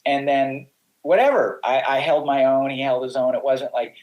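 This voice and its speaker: A man's voice: mid-range voice, moderate pace, lo-fi sound. A middle-aged man, a guest on a podcast, telling long casual stories with many restarts and acted-out quotes. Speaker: podcast guest, pro surfer. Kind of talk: casual storytelling.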